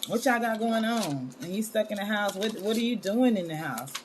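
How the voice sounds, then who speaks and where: A woman's voice: medium pitch, lively intonation, moderate pace, noisy background. A woman hosting a wellness live stream in casual chat, scattered and talkative, calling her viewers y'all. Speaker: wellness show host.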